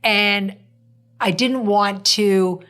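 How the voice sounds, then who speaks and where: A woman hosts a casual podcast conversation in a mid-range voice. She tells her story in a lively, animated way, slipping into the voices of the people she quotes. Her delivery is chatty and natural. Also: medium pitch, very slow. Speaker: podcast host.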